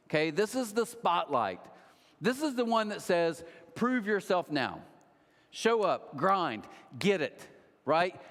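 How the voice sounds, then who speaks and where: Guy in his 30s preaching, kinda high voice, acts out quotes, big church echo. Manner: animated storytelling with acted-out quotes. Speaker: pastor. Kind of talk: sermon. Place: large church hall. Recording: long hall reverb.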